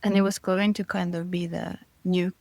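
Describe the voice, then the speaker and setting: Middle-aged woman guest, thinks out loud, gravelly bit of fry in the voice. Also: on the low side, flat delivery, normal speed, no room sound, poor audio. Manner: thoughtful, searching for words, laughing between thoughts. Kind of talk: casual interview conversation.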